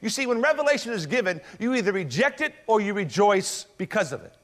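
A man's voice: high voice, sing-song, quick pace, a bit bright. A male pastor preaching an expository sermon, emphatic and asking rhetorical questions.

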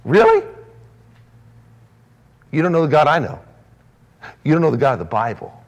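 A man preaching a sermon as pastor, swinging from loud, raised emphasis to soft, low drops. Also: expressive, fast, lo-fi sound.

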